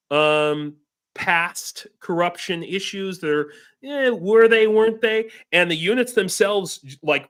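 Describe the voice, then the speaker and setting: A man's voice: a little high, pushed and bright. An American man in a casual online roundtable, talking in a rambling way with restarts. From United States. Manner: rambling, many restarts and fillers. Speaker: show regular.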